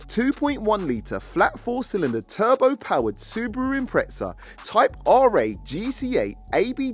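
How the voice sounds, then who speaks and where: A man's voice: sits high, slightly rough. A man hosting a car channel, delivering hyped narration and chatting casually with guests. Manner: energetic, lively hype delivery.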